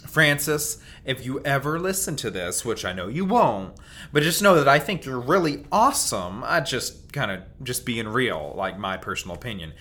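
A man's voice: mid-range voice, pushed and bright. A man who preaches, hosting a podcast in a candid, self-deprecating way. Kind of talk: casual podcast monologue.

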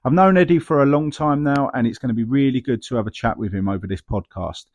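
A man's voice: medium pitch, fast talker, a little mellow, dry recording. A man hosting a podcast, giving an upbeat scripted intro to the episode. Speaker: podcast host.

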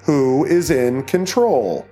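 A man reads as a cruel cult leader in an audiobook, commanding and menacing. He speaks slowly in a soothing, coldly controlled tone at a mid pitch. Soft music plays faintly behind him. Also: very animated. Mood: menacing, calm.

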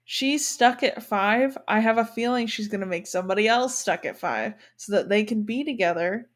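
A woman's voice: medium pitch, moderate pace. A woman co-hosting a podcast in a casual recap chat, talking in a chatty, speculative way with lots of fillers. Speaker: podcast co-host.

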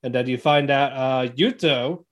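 A man co-hosting a podcast, casually recapping anime episodes in a rambling way and acting out characters' lines in quick voices. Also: medium pitch. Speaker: podcast co-host.

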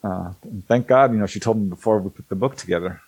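Animated storytelling man, dry sound. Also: lowish voice, fast, breathy edge, no echo, rough recording. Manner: animated storyteller who acts out quoted people, laughs often. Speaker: host, author on alien abduction cases. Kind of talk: casual storytelling talk.

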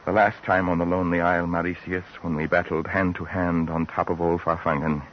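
A man's voice: deep voice, little pitch movement, a little fast, natural voice. An actor playing a pompous older adventurer in a 1950s radio drama, telling his tale grandly and theatrically. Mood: grandiose. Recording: dull, noisy old radio recording.

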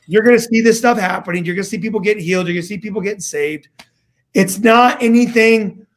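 Guy with a high voice telling a story on a talk show, slangy and casual. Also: fast talker. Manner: casual slangy, acts out quotes. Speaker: guest. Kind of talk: animated storytelling testimony.

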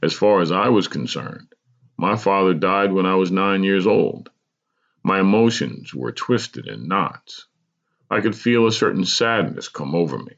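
A man, a podcast host, reading his personal memoir aloud in a measured, deliberate way. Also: low-pitched, animated, vocal fry, fairly bright tone, lo-fi sound.

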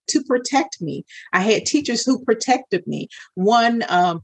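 Woman guest, earnest testimony storyteller, mid-pitched voice, dry close sound. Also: husky, no room sound. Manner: earnest, acts out her own past words to God. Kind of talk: personal testimony in an interview.

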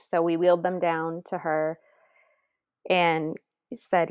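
Brief: low, dry-voiced woman, earnest and tender personal storytelling, sometimes hushed. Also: level tone, takes it slowly, clear, resonant tone, no room sound. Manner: earnest, tender, drops to near-whisper at moments. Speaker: adoptive mother guest.

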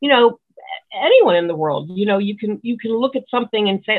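A woman's voice: on the high side, animated, a little fast. A woman musician giving rambling, earnest advice in casual chat, heard over a tinny phone-like line. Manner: rambling, earnest, many restarts. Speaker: musician guest.

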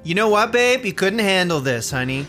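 Cocky, mocking tiger-man, played by a man: taunting, very expressive pitch. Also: normal speed, faint music behind, full character voice. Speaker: podcast host, player.

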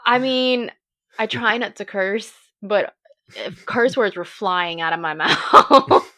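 A woman telling a race story in casual chat, animated and laughing often. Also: mid-range voice, slow pace. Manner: animated storyteller, laughs often, acts out her own thoughts. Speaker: race participant recounting her race.

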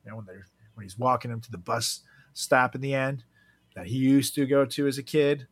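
A man's voice: medium pitch, fairly even intonation, fairly quick, breathy edge. A man co-hosting a casual podcast chat, joking crudely and laughing often. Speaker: podcast co-host.

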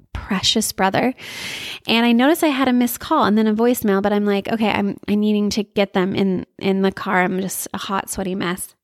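A woman's voice: medium pitch, dry recording, studio quality. A woman in her thirties, a mother sharing faith stories, telling a personal story in an earnest, confiding way. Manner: earnest, confiding, acts out quoted dialogue.

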